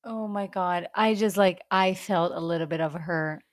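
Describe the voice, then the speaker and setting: A woman's voice: lowish voice, moderate pace, dry recording, studio quality. A young woman co-hosting a casual TV recap chat, reacting bluntly and emphatically. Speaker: podcast co-host.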